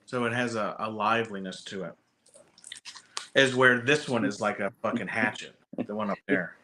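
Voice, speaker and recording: A man's voice: fairly low pitch, normal speed, pushed and bright, slight background noise. A man hosting a podcast, telling a long rambling story in casual chat with lots of swearing. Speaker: podcast host.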